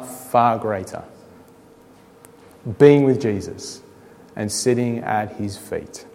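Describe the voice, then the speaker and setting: Dramatic male preacher in a reverberant hall. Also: medium pitch. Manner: dramatic storytelling, rhetorical questions, slows and drops quiet for emphasis. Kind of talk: sermon.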